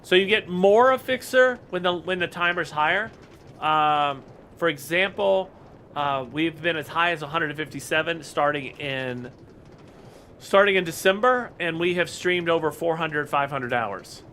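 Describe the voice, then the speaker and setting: A man's voice: fairly high pitch, unhurried, sharp tone, slight background noise. A man casually chatting on a live game stream, greeting viewers by name and rambling with fillers.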